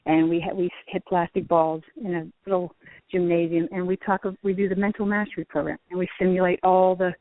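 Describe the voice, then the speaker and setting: A middle-aged woman, a former tour golfer who now teaches, telling stories in a lively way with frequent laughs. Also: on the low side, brisk, no room sound. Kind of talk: phone interview storytelling. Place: outdoors at a driving range. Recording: tinny phone line, dry.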